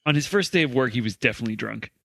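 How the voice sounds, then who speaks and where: A man's voice: mid-range voice, lively intonation, very fast, gravelly, a bit bright, no echo. A man co-hosting a comedy podcast, reading out odd news stories with dry asides. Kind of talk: casual comedy chat.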